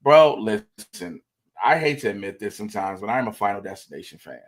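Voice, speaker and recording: A man hosting a casual livestream talk show, an animated storyteller who acts out quoted dialogue. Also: on the low side, brisk. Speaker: host.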